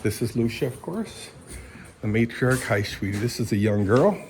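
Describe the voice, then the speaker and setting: An older man from Michigan wanders around his yard and horse stalls, chatting in a loose, meandering way. He drifts between thoughts and talks to his pets as he goes. His voice sits at a middling pitch, caught on a phone outdoors with faint ambient sound behind it. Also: expressive, normal speed, background noise. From Michigan, USA. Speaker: vlogger. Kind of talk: rambling casual vlog.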